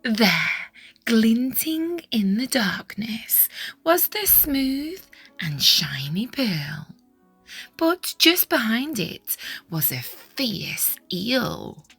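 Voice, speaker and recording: A woman reading a children's picture book aloud in an expressive, sing-song storytelling manner, sometimes dropping into whispered asides. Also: on the high side, extremely slow, creaky, husky, dry recording, soft background music.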